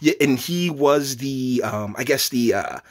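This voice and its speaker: A man's voice: animated, a little slow. Male youtuber, casual reaction chat, stammering, rambling, mid voice. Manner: rambling, stammering restarts, laughs into high squeals. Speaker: YouTube commentator.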